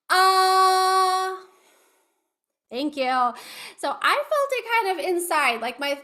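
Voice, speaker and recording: High, bright-voiced woman teaching a webinar. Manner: patient, instructive, coaching listeners through exercises. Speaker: speech-language pathologist. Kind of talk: online educational presentation. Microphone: video call.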